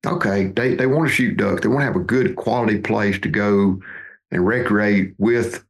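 Guy, late 50s, gravelly low voice, folksy storyteller on a podcast, keeps repeating words. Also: moderate pace. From Mississippi, USA. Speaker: podcast guest, duck hunting outfitter. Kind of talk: conversational storytelling.

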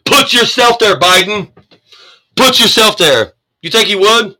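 A man's voice: sits high, sing-song, moderate pace, sharp tone, poor audio. Angry, swearing man ranting. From United States. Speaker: commentator reading the news. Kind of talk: profane political rant.

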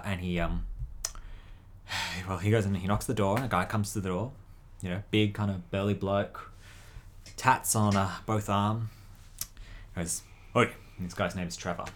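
A man's voice: lowish voice, steady tone, a little slow, long pauses. A man telling a long joke in casual chat, rambling and hesitant, sighing often.

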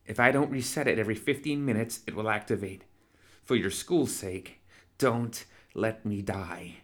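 A defiant young woman inventor in pain, read by a man, answering in curt, strained bursts. The voice stays low and plain, barely changed. She sounds like a storybook heroine holding on. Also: moderate pace, natural voice. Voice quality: terse, clipped, strained. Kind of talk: audiobook character reading.

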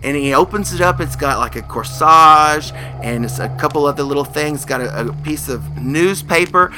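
A man's voice: a little high, moderate pace, soft background music. A man telling a spooky story casually, acting out the characters. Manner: animated, acts out the characters' voices.

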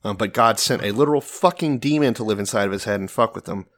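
Man, lower-pitched, co-host, irreverent Bible banter, swears a lot, slips into voices. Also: fast, a bit bright. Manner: profane, jokey, acts out voices in retellings. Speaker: podcast co-host. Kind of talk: casual irreverent Bible commentary.

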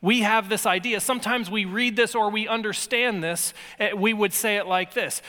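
A man's voice: high-pitched, moderate pace, hardly any pauses, pushed and bright, big-room sound. A male pastor preaching a sermon with emphasis, repeating words and dropping in playful asides.

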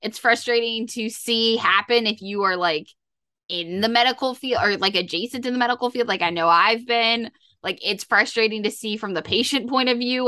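A woman co-host with a bright, sharp voice, recorded dry and close. She talks conversationally and hammers her points home by repeating them. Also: on the high side, no room sound. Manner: conversational, repeats herself for emphasis. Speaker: podcast co-host. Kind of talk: casual chat.

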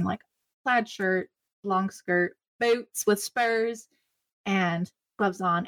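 A woman's voice: fairly low pitch, vocal fry, no echo. A woman playing a tabletop game, chatty and giggly as she describes her character. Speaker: player.

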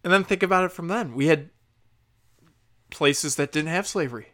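This speaker rants in a sarcastic, foul-mouthed comedic style. The pitch is in a middle range, and the voice jumps up high and loud for emphasis before dropping into low mutters. It sounds like an improvised solo monologue. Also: normal speed. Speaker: solo commentator. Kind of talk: profane comedic rant.

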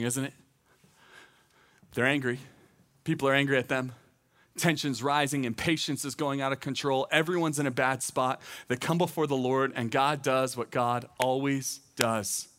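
A man's voice: medium pitch, a bit bright. A man, a teaching pastor, preaching a sermon in an earnest, conversational way, repeating phrases for emphasis.

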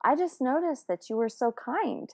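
A woman telling a personal story in a casual, animated way, with many fillers and restarts. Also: sits high, moderate pace, creaky.

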